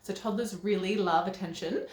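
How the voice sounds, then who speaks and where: A woman's voice: mid-range voice, moderate pace. A young woman, giving casual parenting advice to camera, chatty, with frequent ums and little laughs. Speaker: parenting vlogger. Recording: echoey room.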